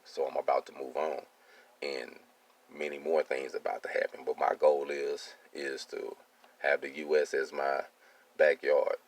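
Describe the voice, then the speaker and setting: A man's voice: extremely low pitch, completely flat delivery, unhurried. A man in his thirties, a welding business owner, tells his life story in a streetwise, casual monologue and keeps asking "you see what I'm saying.".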